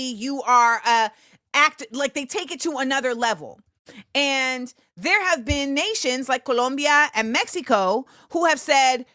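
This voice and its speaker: A woman's voice: sits high, sharp tone, no echo, studio quality. A woman in her forties hosting a show, giving casual solo commentary in a conversational, emphatic way with frequent fillers. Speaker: host.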